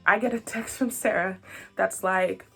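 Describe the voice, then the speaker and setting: A woman in her twenties telling a story to camera in a casual, joking way, her pitch jumping up and down as she talks. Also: a little slow, gravelly, slightly rough, faint music behind. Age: 20s. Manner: animated and joking, with big pitch jumps. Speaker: vlogger.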